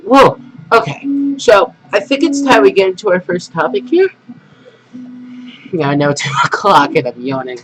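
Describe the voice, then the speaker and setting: A man's voice: high voice, big pitch swings, normal speed, long pauses, fairly bright tone. A man hosting a casual live stream, rambling, humming and muttering to himself as he sets up. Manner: rambling, hums and mutters while setting up. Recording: noisy home stream audio.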